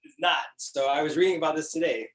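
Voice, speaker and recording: A man's voice: on the high side, fast talker, a bit bright, reverberant, low-quality recording. A man co-hosting a casual video call chat, playfully explaining things at length. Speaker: co-host.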